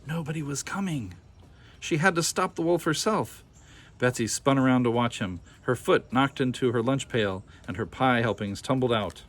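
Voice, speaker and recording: A man reading a children's picture book aloud with expressive, animated storytelling. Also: mid-range voice, moderate pace. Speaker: storybook reader.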